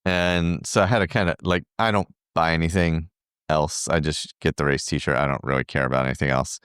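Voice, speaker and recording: A man's voice: very deep voice, steady tone, fairly quick, fairly bright tone, clear, resonant tone, no room sound, clean studio sound. A middle-aged man, a podcast co-host, recounting a trip in casual, rambling chat full of fillers. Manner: rambling, filler-heavy storytelling.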